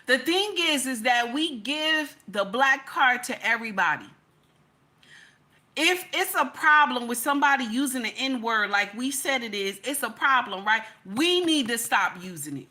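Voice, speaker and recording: A woman's voice: high voice, expressive, unhurried, sharp tone. A woman, hosting a livestream and lecturing her chat in an emphatic, repetitive way. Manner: preachy, repetitive, emphatic, says "okay?" often. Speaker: livestream host.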